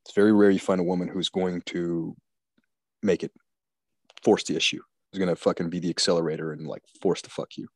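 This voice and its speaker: A man's voice: low-pitched, level tone, fairly quick, darkish tone, no echo. A man talking in a crude, rambling, profane way in casual chat.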